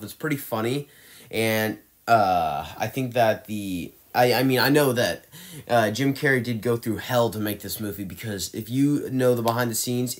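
A man with a somewhat low voice talks through his movie rankings off the cuff. He rants with exasperation, trips over his words and restarts his sentences as he goes. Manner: ranting and exasperated, with frequent restarts and fillers. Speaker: movie reviewer. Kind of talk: opinionated movie ranking monologue.

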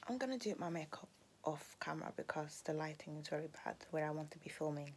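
A young woman talking casually to camera in a vlog, chatty and sometimes dropping to a soft half-whisper. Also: low voice, expressive, quick pace, a little hiss or hum. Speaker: vlogger.

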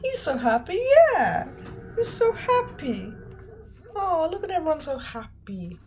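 A woman's voice: sits high, wildly swooping pitch, measured pace, darkish tone, a little hiss or hum, poor audio. A woman commenting on a video game as she plays, talking to the characters in a mock-cheerful, coaxing way. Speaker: gaming video host. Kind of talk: let's play commentary.

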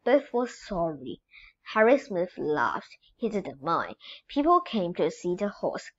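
A woman reading a children's storybook aloud in a slow, expressive way. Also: fairly low pitch, highs cut off. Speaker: storybook reader.

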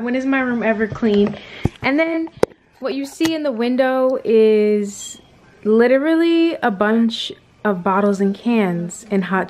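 A woman in her twenties chatting casually in a vlog from her bedroom, rambling with lots of ums and likes. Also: fairly high pitch. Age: 20s. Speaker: vlogger. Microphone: compact camera in front of her.

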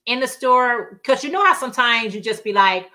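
A woman's voice: fairly high pitch, moderate pace, bright, forceful tone. A woman hosting a casual crafting livestream, telling chatty stories in colloquial speech and reading viewer comments aloud.

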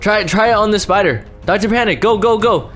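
A young man commentating a game, easily startled, swinging from hushed mutters to sudden yells. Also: sits high, fast talker, faint music behind. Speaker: gaming YouTuber. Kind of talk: Minecraft gameplay commentary.

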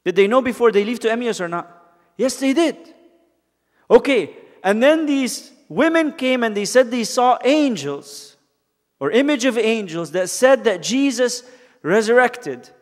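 A man teaching a youth Bible study, telling stories in a lively way and acting out characters in quick asides. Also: extremely high pitch, big-room sound. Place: church hall.

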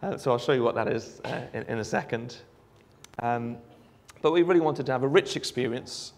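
Welsh man with a gravelly voice demoing an app. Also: mid-range voice, moderate pace. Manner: relaxed, frequent ums, explanatory. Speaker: app developer giving a presentation. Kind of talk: live product demo talk.

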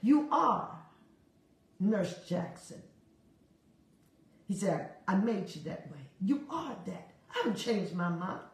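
A woman delivering a prophetic word on a prayer broadcast, animated and laughing often, repeating phrases in a rhythmic preaching cadence. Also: medium pitch, takes it slowly, pauses often, heavy reverb, distant mic. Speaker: prophetic minister.

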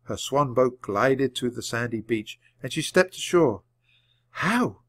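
A man reading a children's book aloud at a clear, measured pace. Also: medium pitch, dry recording. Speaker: storybook reader.

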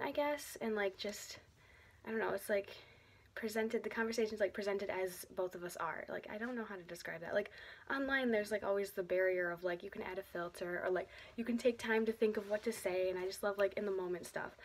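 A woman's voice: medium pitch, brisk, slightly rough. A young woman talking straight to her camera in a casual vlog, rambling from point to point with constant fillers and frequent laughs. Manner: rambling and chatty, many fillers, drifting off topic; bubbly, laughs often. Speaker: vlogger. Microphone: camera she is filming herself with.

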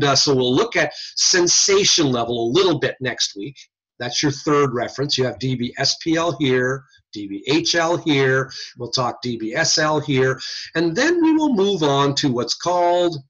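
Lively folksy man lecturing over video call. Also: mid-range voice, husky, lo-fi sound. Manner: lively, folksy teaching with slang. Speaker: audiology lecturer. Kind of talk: recorded online lecture. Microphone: computer mic on a video call.

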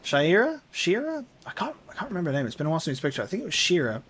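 A man commentating his own video game playthrough, excitable and panicky, swearing, yelping and laughing through a boss fight. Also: sits high, very fast, slight background noise. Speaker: gaming streamer. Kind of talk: live let's play commentary.

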